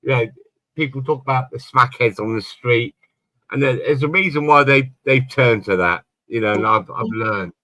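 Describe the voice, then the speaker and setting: Bright-voiced man telling rambling stories. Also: mid-range voice, moderate pace, no echo. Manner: rambling anecdotal storyteller, swears casually. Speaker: podcast panelist. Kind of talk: casual chat.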